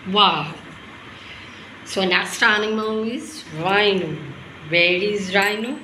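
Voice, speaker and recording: Slow-talking woman teaching little kids. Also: mid-range voice, sharp tone. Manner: slow, simple sentences with questions to children. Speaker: children's teacher. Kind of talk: kids' lesson, talking to toddlers. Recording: echoey room with faint noise.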